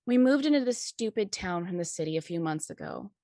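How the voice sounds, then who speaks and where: A woman voicing a frightened teenage boy who talks in a trembling, halting way with stammers. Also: medium pitch, animated, dark tone, no room sound, studio quality, natural voice. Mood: shaky. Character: scared teenage boy, shaky and strung out.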